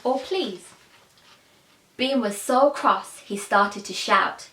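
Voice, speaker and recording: A woman's voice: medium pitch, slow, long pauses, pushed and bright, slight background noise. A woman telling a children's story expressively, asking her listeners questions, in an echoey room.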